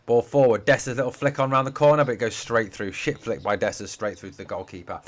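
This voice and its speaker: A man's voice: medium pitch, fairly even intonation, fast. A man hosting a fan watch-along stream, commentating on play in a chatty way, swearing freely and answering viewer comments. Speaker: fan channel host doing a live watch-along. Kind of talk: casual live-stream match commentary.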